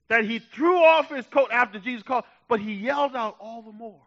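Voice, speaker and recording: A man preaching a sermon with passion, dropping to a hush and then rising to shouts, urging his listeners on. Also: very high voice, a little fast, hardly any pauses, lo-fi sound. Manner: impassioned preaching, swinging from hushed to shouting. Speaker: pastor.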